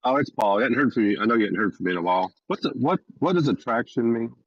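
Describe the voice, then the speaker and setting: A man's voice: mid-range voice, expressive, fast talker, dry recording. A man calling in to a live stream, asking challenging questions. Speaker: caller. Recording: dull lo-fi call line.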